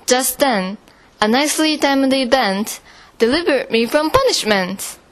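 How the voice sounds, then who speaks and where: High-voiced woman reading a rhyming story. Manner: slow and expressive. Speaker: reader.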